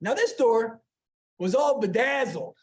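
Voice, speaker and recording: A middle-aged man with a fairly high voice tells stories to a club meeting in a meeting room. He is lively and anecdotal and slips into the voices of the people he quotes. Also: unhurried. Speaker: guest speaker. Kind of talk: storytelling speech at a club meeting.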